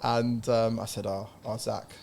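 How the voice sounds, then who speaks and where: A man's voice: lowish voice, level tone, unhurried, vocal fry, a little mellow, slight background noise. Man, podcast co-host, easygoing storyteller, casual chat. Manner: storytelling, laughing easily.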